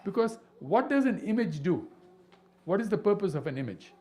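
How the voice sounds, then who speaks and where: A man teaching a devotional scripture class, animated and full of rhetorical questions. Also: sits high, moderate pace. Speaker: spiritual teacher.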